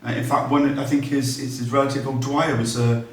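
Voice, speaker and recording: A man's voice: medium pitch, level tone, a little fast. A man giving a conversational public history talk, reading quotations aloud between ums and restarts. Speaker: local history speaker. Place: large echoey room, speaking to an audience. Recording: echoey room from a distance.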